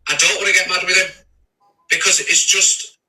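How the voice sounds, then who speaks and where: A man rants on a livestream, heated and profane, and keeps stumbling into restarts. His tone is very bright, and he sits a little back from the microphone. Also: high voice, steady tone, moderate pace, far from the mic, rough recording. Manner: swearing, trading insults, stammering restarts. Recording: voice a bit off-mic.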